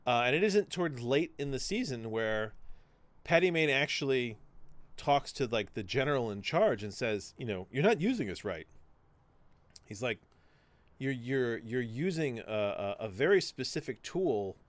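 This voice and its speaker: Animated man retelling a story, dry sound. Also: medium pitch, normal speed, dry recording. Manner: animated storytelling, acting out quoted dialogue, casual swearing. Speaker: podcast host. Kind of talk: casual chat, retelling a TV show.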